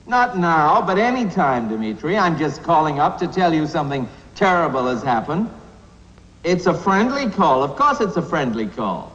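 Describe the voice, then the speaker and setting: An actor playing a flustered male president who placates a foreign leader over the phone, in a halting, apologetic way. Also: a little high, a bit bright. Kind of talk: film comedy acting. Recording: old film audio, dull and echoey.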